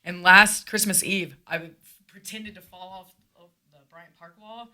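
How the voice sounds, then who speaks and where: A woman's voice: fairly low pitch, fairly even intonation, measured pace, sharp tone. A young woman from Louisville, Kentucky, a guest musician in casual podcast chat, crude, rambling and self-mocking. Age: young adult.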